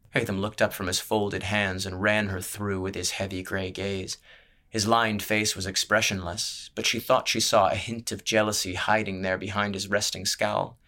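A man narrates a fantasy audiobook with a steady, descriptive delivery. His voice sits a little low and carries a bright, forceful edge. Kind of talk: scripted narration.

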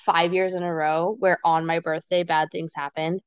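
Lower-voiced woman guest, dull dry sound. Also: flat delivery, moderate pace, smooth, dry recording. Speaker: podcast guest. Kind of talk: casual chat.

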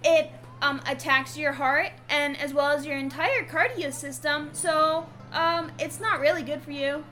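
A woman's voice: sits high, fairly even intonation, a little slow, few pauses, sharp tone, soft background music. A woman voicing a chirpy young woman adventurer in a tabletop game, earnest and chatty, hedging often with "um".

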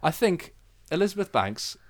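A man's voice: high-pitched, normal speed, slight background noise. A man co-hosting a podcast, ranting in a casual chat and swearing freely. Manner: animated, swearing ranter. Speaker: podcast co-host.

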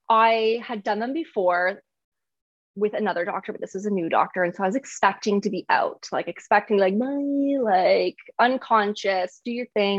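A woman's voice: medium pitch, no echo. A woman talking candidly in casual chat, laughing often and full of "like". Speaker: guest. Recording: slightly dull, dry sound.

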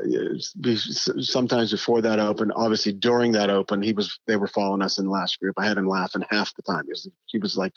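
A middle-aged man from western Pennsylvania, a guest telling golf stories in an animated way, acting out both sides of old conversations. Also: mid-range voice, no room sound, muffled recording. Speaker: guest, pro golfer. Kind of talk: animated storytelling.

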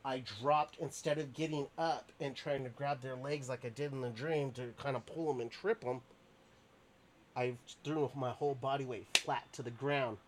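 A man's voice: medium pitch, fairly even intonation, normal speed, fairly bright tone, slight background noise. A man, a podcast guest, tells a story in a casual, rambling way with lots of fillers and restarts.

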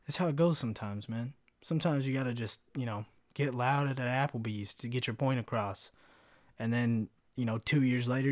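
A man's voice: mid-range voice, no echo. A young man hosting a casual solo podcast. He rambles through stories with lots of slang and swearing. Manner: rambling, slangy, profane storytelling. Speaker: podcast host.

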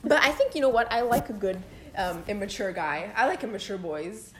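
Animated young woman chatting, echoey room. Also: mid-range voice, fairly quick, background noise. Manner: animated, laughing, heavy use of "like". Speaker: podcast co-host. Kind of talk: casual chat.

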